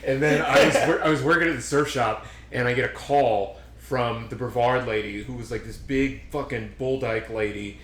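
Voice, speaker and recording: A man's voice: mid-range voice, moderate pace, hardly any pauses, a bit bright. A young man hosting a podcast, telling rambling stories full of swearing and acted-out quotes. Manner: rambling storyteller, swears a lot, acts out quotes. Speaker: podcast host. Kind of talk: casual chat. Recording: roomy echo.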